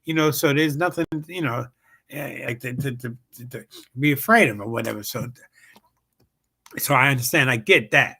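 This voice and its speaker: Gravelly man telling a rambling story. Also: medium pitch, normal speed, bright, forceful tone. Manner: rambling and profane, heavy on fillers and repeated "bam, bam". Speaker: comedian and show host. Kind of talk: casual storytelling on a livestream show.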